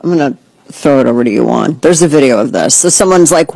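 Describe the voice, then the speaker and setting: A woman hosting a talk show, ranting in a sarcastic, animated way and slipping into mocking voices. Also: extremely low pitch, fast, dry recording, low-quality recording. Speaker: podcast host. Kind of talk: casual opinion commentary.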